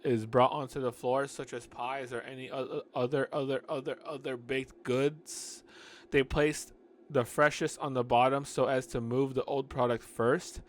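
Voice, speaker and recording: A man's voice: medium pitch, flat delivery, unhurried, a little hiss or hum. A man reading a novel aloud, breaking off for sarcastic asides about the writing. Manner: sarcastic asides, frequent restarts. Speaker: audiobook reader and commentator. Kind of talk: casual reading with commentary.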